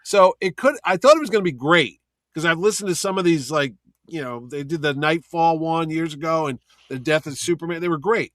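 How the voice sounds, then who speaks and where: A man co-hosting a casual chat, animated and acting out voices in his stories. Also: fairly high pitch, fairly quick, no echo, studio quality. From Connecticut. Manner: animated, acts out voices when retelling scenes. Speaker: podcast co-host.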